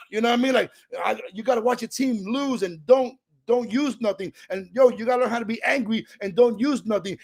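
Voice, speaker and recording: A man's voice: very high-pitched, a little mellow. A middle-aged man, from a Puerto Rican family, telling his recovery story in a streetwise, emotional, casual way. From New York, Puerto Rican family. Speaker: recovery speaker. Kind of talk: personal recovery talk.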